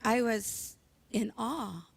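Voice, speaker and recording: A woman giving a heartfelt eulogy at a memorial, telling stories with animated emotion. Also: a little high, extremely slow, gravelly, slightly rough. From Hawaii. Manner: emotional, animated storytelling, tearful at moments. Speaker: memorial speaker.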